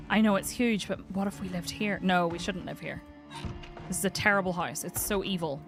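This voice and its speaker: A woman's voice: fairly low pitch, fairly quick, soft background music. Chatty woman streamer. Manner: chatty, talks to her game character, swears casually. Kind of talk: gameplay commentary.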